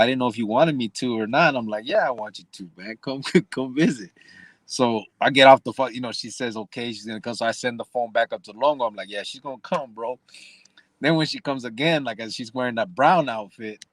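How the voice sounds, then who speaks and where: A man's voice: medium pitch, fairly quick, dry recording. A man hosting a podcast, telling a story from prison in a casual, profane, joking way and laughing often. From Arizona. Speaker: podcast host.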